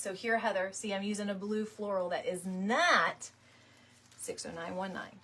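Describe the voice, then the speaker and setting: A woman's voice: mid-range voice, steady tone, moderate pace, pushed and bright. Woman, forties, casual live stream chat, laughs often, greets viewers, faint background noise. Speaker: wreath-making live stream host.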